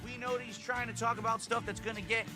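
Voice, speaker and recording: A man's voice: extremely high pitch, level tone, quick pace, over music, voice pushed up. A man voicing a folksy Texan good-old-boy character with a drawling Texan accent while chatting on a live game stream.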